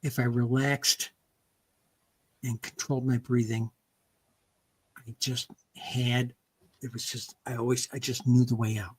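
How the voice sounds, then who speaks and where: Man, casual interview, halting delivery full of fillers, dry remote call sound. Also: medium pitch, level tone, breathy edge, dry recording. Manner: halting, many fillers and restarts.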